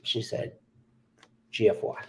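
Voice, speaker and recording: A man's voice: takes it slowly, a little mellow, slight background noise. A man hosting a sports betting show, chatting casually, joking and laughing with his co-hosts, with hiccups. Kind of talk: casual chat.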